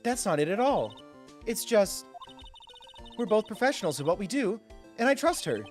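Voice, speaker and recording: A man's voice: high voice, very animated, moderate pace, faint music behind, voice pushed up. A man voicing an upbeat teenage girl who loves forensic science, in a raised, earnest voice while reading a game aloud.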